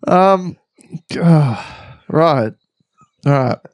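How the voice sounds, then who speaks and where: A man co-hosting a comedy podcast, chiming in with teasing quick interjections. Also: on the high side, expressive, no echo, studio quality. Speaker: podcast co-host. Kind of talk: casual comic banter.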